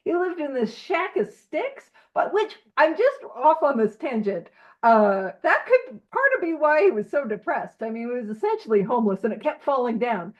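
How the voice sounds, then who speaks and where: A woman leading a recovery study over a video call, animated and self-teasing, asking question after question. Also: sits high, muffled recording.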